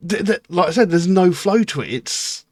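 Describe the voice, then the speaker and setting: A man's voice: sits high, animated, normal speed, a little mellow, no room sound, clean studio sound. A middle-aged man, giving casual reaction commentary on a music video in a rambling, candid way. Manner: rambling and candid, with frequent um and you know. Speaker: music reaction channel host.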